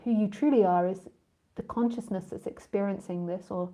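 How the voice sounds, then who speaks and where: A woman's voice: medium pitch, steady tone, moderate pace, dark tone. A woman spiritual teacher in a casual live talk with listeners, rambling and chatty, often laughing and drifting off on tangents.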